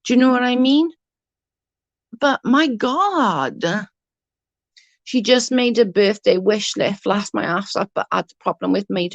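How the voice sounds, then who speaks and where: A woman's voice: mid-range voice, expressive, a little slow, gravelly, long pauses, no room sound, lo-fi sound. A woman ranting to her livestream viewers, indignant and swearing, speaking straight to her chat.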